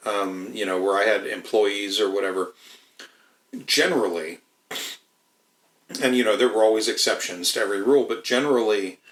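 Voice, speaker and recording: A man's voice: fairly low pitch, fairly bright tone, roomy sound, poor audio. A man in casual podcast chat, rambling with lots of swearing and restarts. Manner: rambling, profane, many restarts.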